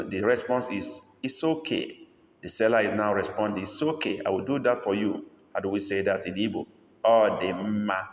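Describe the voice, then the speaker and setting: Guy teaching a language lesson, says each phrase over and over slowly, lowish voice. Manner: slow drilled repetition of phrases. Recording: echoey room with long reverb.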